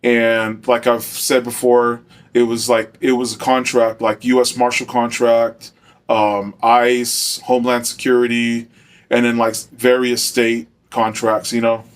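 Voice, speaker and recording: A man's voice: medium pitch, flat delivery, a little slow. Rambling middle-aged man telling a story. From Arizona. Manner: loose and rambling, heavy on fillers. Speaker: former corrections officer storyteller. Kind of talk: casual first-person storytelling.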